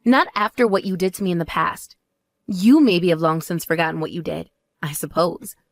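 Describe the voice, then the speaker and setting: A woman voicing a composed older sister who speaks in a calm, measured and cutting way. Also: dry recording, lightly acted. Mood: cool. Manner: measured, calm, lower and drier.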